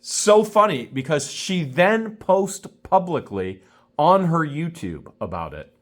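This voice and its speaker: A man's voice: fairly high pitch, big pitch swings, takes it slowly. A man vlogging an indignant, scornful rant to camera, repeating himself for emphasis. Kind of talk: ranting commentary to camera.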